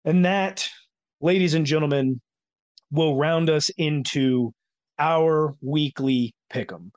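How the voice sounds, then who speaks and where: A man's voice: on the high side, slow pace, darkish tone, dry recording. A man hosting a casual sports podcast, chatty and rambling, with many filler words. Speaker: podcast host.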